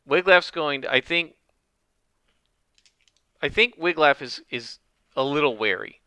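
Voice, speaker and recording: Bright-voiced man narrating a solo game. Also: a little high, expressive, a little slow, long pauses, clear, resonant tone, dry recording. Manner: thinks aloud, with many fillers.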